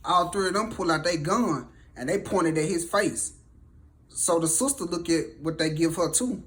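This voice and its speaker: Southern male storyteller, slightly high voice, animated, casual delivery. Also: unhurried, pauses often. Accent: Southern American. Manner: animated, acts out every voice.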